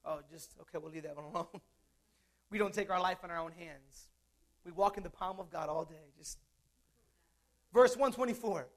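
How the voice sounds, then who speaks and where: A man's voice: high-pitched, moderate pace, pauses often, a bit bright. A man preaching a sermon in a conversational way, mixing scripture with jokes and asides.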